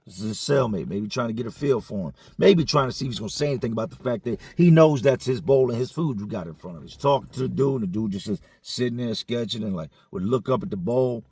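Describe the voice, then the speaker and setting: A man's voice: mid-range voice, expressive, quick pace, hardly any pauses, darkish tone, slightly rough, dry recording. A man telling a story casually, in profane, slangy conversational speech.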